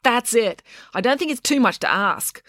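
A woman's voice: fairly high pitch, animated, normal speed, fairly bright tone, no room sound, clean studio sound, voice pushed up. Woman putting on a squealing, disgusted young girl. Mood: dramatic disgust. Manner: theatrical, exaggerated outbursts.

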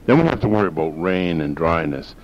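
Gravelly deep-voiced talk radio host. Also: male voice, animated, fast. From northern Maine. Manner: folksy, rambling, opinionated. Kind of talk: rambling talk radio monologue. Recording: dull lo-fi sound with faint hiss.

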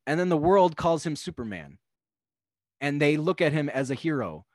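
A young man on a podcast, casually talking through a film in a rambling, animated way. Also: on the high side, moderate pace, no echo, studio quality. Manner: rambling, animated, acts out characters' lines. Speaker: podcast guest.

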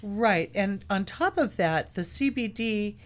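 A woman guest in a casual talk show, pitched in the middle range. She speaks in an easygoing way and pauses often with ums and uhs. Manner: relaxed, hesitant, many ums. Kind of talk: casual chat.

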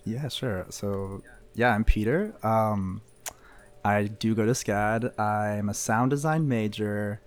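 A man's voice: lowish voice, slow. A young man from Missouri, a podcast guest, chatting casually with hesitant fillers and restarts. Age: young adult. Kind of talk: casual chat.

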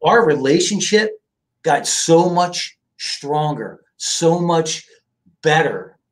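A middle-aged man from the Philadelphia area, a guest in an interview, telling family stories in a lively, casual way and often checking in with "right?". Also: fairly high pitch, takes it slowly. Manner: animated storyteller, asks "right?" often. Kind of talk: casual storytelling.

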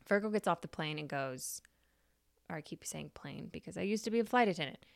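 Chatty, low-voiced woman storyteller. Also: animated, a little fast, vocal fry, dry recording. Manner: chatty, swears freely, laughs. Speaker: podcast host. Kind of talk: casual storytelling.

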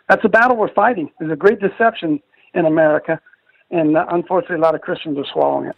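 A man's voice: on the high side, fast talker, no room sound. An older man hosting a Christian radio talk show, preachy and emphatic, repeating phrases for stress, with a dull dry studio sound. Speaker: radio host, ministry leader.

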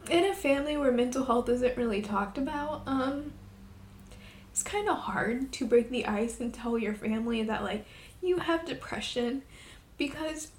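A young woman talking on her own podcast in a personal, confessional way, emotional and halting, with many pauses and fillers. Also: sits high. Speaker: podcast host. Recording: echoey room.

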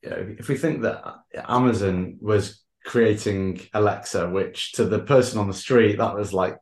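A fairly low-voiced man hosts the interview, his questions halting and full of repeated words. The sound carries a roomy echo. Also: darkish tone. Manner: hesitant, repeats words while framing questions. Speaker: podcast host.

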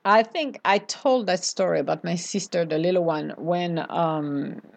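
Animated woman. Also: fairly low pitch, a little slow, gravelly. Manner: animated, playful asides with laughs. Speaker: spiritual speaker. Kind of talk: casual spiritual talk.

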